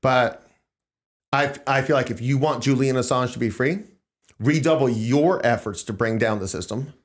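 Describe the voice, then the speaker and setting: A man's voice: mid-range voice, normal speed. A man hosting a casual political podcast, talking in an emphatic, rambling way. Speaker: podcast host.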